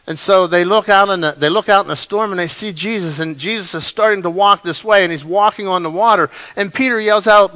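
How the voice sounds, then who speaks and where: An animated male pastor delivers a sermon with dramatic storytelling. His voice is fairly high, bright and forceful, and it swings between quiet and loud passages. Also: fairly quick, hardly any pauses, rough recording.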